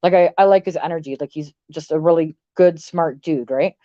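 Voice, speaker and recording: Woman streamer, lower voice, blunt and swearing, rambling rant to chat; dry, slightly dull mic. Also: brisk, mellow, no room sound. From Canada. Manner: blunt, profane, rambling with many "like"s. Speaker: livestream host. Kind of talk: casual livestream rant to chat.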